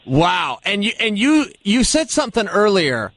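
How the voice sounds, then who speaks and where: An earnest male interviewer asks questions, stumbling and repeating words as he goes. His voice is high for a man. The sound is dry and close. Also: sing-song, a little slow, fairly bright tone, no room sound. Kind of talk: casual interview.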